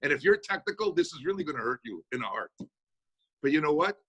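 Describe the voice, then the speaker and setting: Fast-talking, bright-voiced man. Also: fairly high pitch, slightly rough. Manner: fast-talking, energetic, folksy. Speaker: speaker answering audience questions. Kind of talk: motivational Q&A talk. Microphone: video call.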